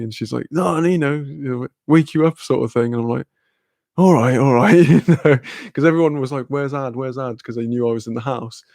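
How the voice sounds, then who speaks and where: Young man, casual sweary storyteller, gravelly, dry close sound. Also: mid-range voice, a little mellow, dry recording. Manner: rambling, sweary, laughing, fillers. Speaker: streamer.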